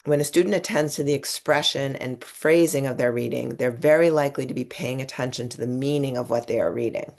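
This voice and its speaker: A woman's voice: a bass voice, brisk, vocal fry, few pauses, darkish tone. Woman presenting an education webinar. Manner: explanatory, talks through slides; occasional restarts mid-word. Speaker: webinar presenter on reading instruction.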